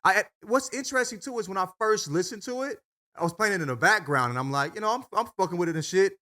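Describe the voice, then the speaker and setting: A man's voice: high-pitched, animated, fast, bright, forceful tone. A man co-hosting a podcast, talking animatedly and casually with lots of swearing and filler. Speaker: podcast co-host. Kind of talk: casual chat.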